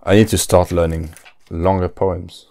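A man, a podcast host musing aloud in a slow, low-key, deadpan way. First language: French. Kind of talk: casual solo podcast musing.

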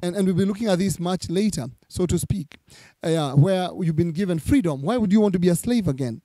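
A male pastor reads scripture during a sermon and returns to key lines for emphasis. His voice is high yet mellow, with lively intonation and a fairly quick pace, recorded close and dry with no room sound.

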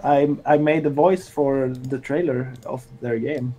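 A man's voice: mid-range voice, steady tone, unhurried, few pauses, dark tone, low-quality recording. A man chatting casually on a game dev stream, joking and laughing often, with many fillers. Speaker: streamer and indie game developer.

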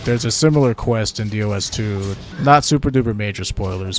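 A man hosting casual gameplay commentary, relaxed and chatty as he thinks aloud while playing. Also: fairly low pitch. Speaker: gaming channel host.

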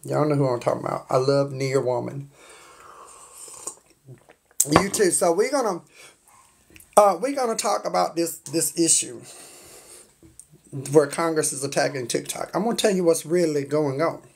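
A woman with a drawl hosts a casual live stream from her phone. Her voice sits slightly low, and she chats loosely while greeting viewers by name. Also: normal speed, creaky, long pauses, slightly rough. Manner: warm-hearted, greets viewers by name, chatty. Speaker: livestream host. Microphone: phone on a stand.

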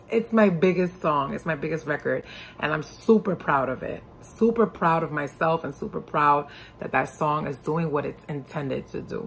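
Young singer lady from new york talking about her music, low gravelly voice, bit of background hiss. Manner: lively and upbeat, animated when excited. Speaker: singer and rapper. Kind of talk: casual interview talk.

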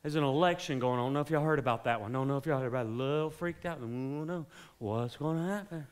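A pastor, preaching a sermon in a joking, conversational way that builds to fervent exhortation. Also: male voice, mid-range voice, quick pace. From South Carolina, US.

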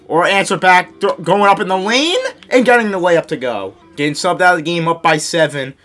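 A young man giving excitable live commentary on his own basketball video game, scolding his teammates and mocking himself. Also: high-pitched, a little fast, soft background music. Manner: excitable, yells and laughs at big plays. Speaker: gaming YouTuber.

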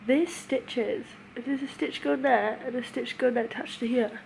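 A woman's voice: a little high, fairly even intonation, measured pace, gravelly, darkish tone. A young woman vlogging chattily from a hospital room while recovering from nose surgery, filmed on a phone. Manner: chatty, emotional, laughs often. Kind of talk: casual vlog to camera. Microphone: phone camera. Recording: noisy phone recording.

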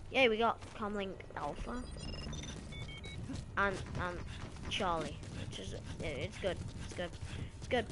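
A woman giving excitable live gameplay commentary, yelping and shrieking as the action happens. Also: mid-range voice, a little slow, long pauses, background noise. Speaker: gamer streaming live.

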